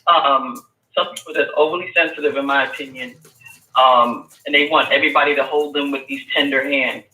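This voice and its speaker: A man's voice: fairly high pitch, fairly even intonation, fairly quick, pushed and bright. A man calling in to a talk show, stating firm opinions while stumbling over restarts and fillers. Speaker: caller. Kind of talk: phone-in conversation. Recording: echoey distant phone-in line.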